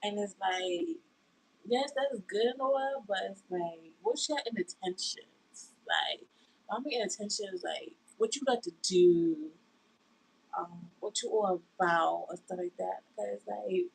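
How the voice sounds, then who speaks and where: A woman's voice: mid-range voice, expressive, measured pace, vocal fry, breathy edge, low-quality recording. A woman chatting casually on a livestream from her bedroom, sitting on her bed, greeting viewers and rambling about friendship, saying y'all a lot. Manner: drawling, says y'all. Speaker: livestream host.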